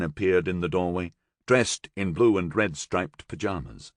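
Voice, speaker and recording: A man narrating an audiobook, reading with expressive storytelling from a close mic. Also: deep voice, a little slow, no echo. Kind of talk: scripted narration.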